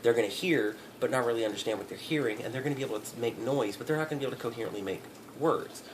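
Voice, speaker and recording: A man's voice: mid-range voice, very fast, background noise. A man giving a profane, rambling comedic rant, often breaking into laughter. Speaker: vlogger.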